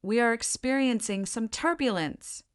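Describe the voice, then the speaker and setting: Woman reading male airline captain, calm, formal, slow announcements, higher voice. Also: smooth, close to an everyday voice. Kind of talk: graded reader story narration.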